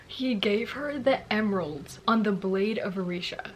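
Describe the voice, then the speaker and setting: Woman, mid-pitched voice, book reaction vlog: gushing, exclaims a lot, hushes for read-out passages. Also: normal speed, few pauses, slight background noise. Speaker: book vlogger. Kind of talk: excited book reading reaction.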